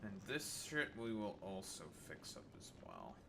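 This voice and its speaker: A man's voice: lowish voice, wildly swooping pitch, a little slow, vocal fry, noisy background. A man streaming a game, chatting casually and crudely with viewers and reading their messages aloud. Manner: crude, joking, reads chat aloud. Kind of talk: casual gameplay chat with viewers.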